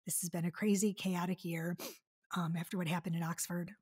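On the low side and level in tone, her slightly rough, somewhat mellow voice runs a little fast. She's a forties-aged Detroit-area woman doing a chatty, filler-laden solo podcast, effusive even while tearful.

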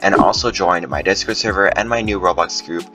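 A man giving excited gameplay commentary, his voice jumping high when tense. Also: brisk, over music. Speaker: gaming YouTuber.

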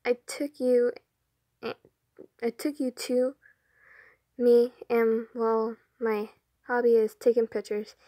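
Stammering young photographer fan, read by a woman, slow and mellow. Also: fairly high pitch, flat delivery, dry recording. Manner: nervous, stammering.

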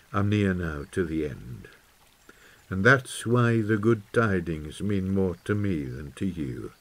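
A man voicing an old shepherd who speaks earnestly in a folksy dialect, in an audiobook. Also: deep voice. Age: older. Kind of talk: audiobook character voice.

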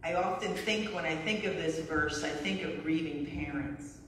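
A woman's voice: deep voice, normal speed, fairly bright tone, a little hiss or hum. Middle-aged woman pastor, conversational storytelling sermon, heard from a distance in a reverberant church. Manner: conversational, storytelling, frequent "right?". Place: church sanctuary. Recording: echoey hall from far off.

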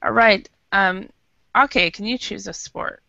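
A woman teaching an English class over a video call, explaining patiently and slowly with many fillers. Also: mid-range voice, gravelly, sharp tone, dry recording. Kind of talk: online English lesson. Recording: dull lo-fi video call audio.

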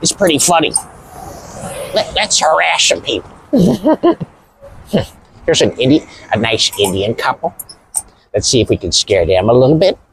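A man's voice: mid-range voice, big pitch swings, normal speed, vocal fry, long pauses, slight background noise, poor audio. A man putting on the voice of a lazy, smug male online troll, taunting and sneering.

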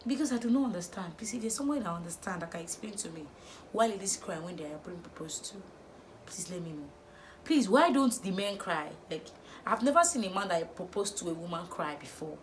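A young woman vlogging, firing off exasperated rhetorical questions in an animated opinion rant. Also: on the low side, brisk, a little hiss or hum.

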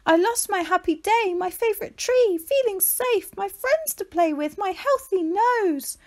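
A woman's voice: extremely high pitch, animated, unhurried, pitched above the performer's own voice. A woman voicing a frightened young female tortoise who speaks in a wavering, wailing voice. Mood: tearful.

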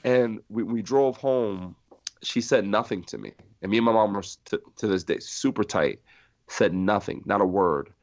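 Gravelly low-voiced man telling a story. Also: normal speed, no room sound. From New Jersey. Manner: animated storyteller acting out quoted voices, laughing often. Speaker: guest. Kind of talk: storytelling in a podcast interview. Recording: dry muffled sound.

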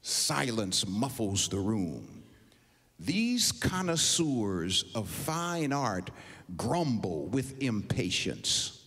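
A man preaching a sermon, telling a story dramatically with deliberate pauses in a large hall. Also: on the low side, sing-song, a bit bright, breathy edge. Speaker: university president preaching. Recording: long hall reverb.

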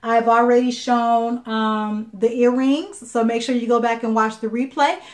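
Selling jewelry on a live video, a Chicago woman talks a little slowly in a fairly high, steady voice. Her casual chatter is full of fillers and restarts.

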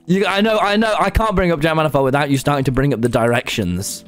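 A man's voice: on the high side, fast talker, soft background music. A young man, streaming and chatting while he plays, swearing often and telling stories with lots of energy. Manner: excitable, swears often, tells stories animatedly. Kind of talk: casual gaming chat.

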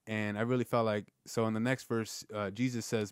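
A man's voice: lowish voice, level tone, a little fast, few pauses, clean tone, no room sound. Earnest rambling man, very dry sound. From Southern California. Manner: rambling, earnest, many restarts and "right?". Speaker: podcast host. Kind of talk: casual reflective monologue.

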